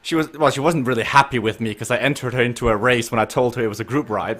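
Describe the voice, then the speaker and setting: A man's voice: medium pitch, expressive, fast talker, a bit bright. A man hosting a casual live stream of a group bike ride, joking and laughing often and asking riders questions. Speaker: host of a virtual cycling group ride stream.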